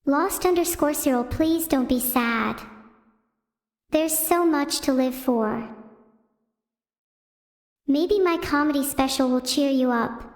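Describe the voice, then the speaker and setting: A synthetic female voice doing deadpan stand-up comedy on a stream, chatting with viewers. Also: high voice, slow, pauses often. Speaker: AI streamer host. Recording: roomy reverberant sound.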